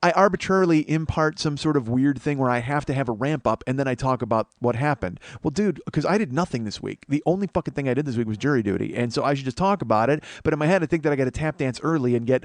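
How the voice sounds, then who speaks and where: A man's voice: a little high, animated, rapid-fire, few pauses, no room sound. A sleep-deprived man hosting a comedy podcast, rambling in a self-deprecating monologue full of swearing and restarts. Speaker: podcast host.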